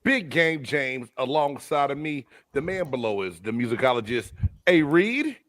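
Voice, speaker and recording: A man's voice: mid-range voice, big pitch swings, normal speed, no echo. Hyped man hosting a sports show. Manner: loud, hyped, joking banter. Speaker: host. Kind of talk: casual live sports chat.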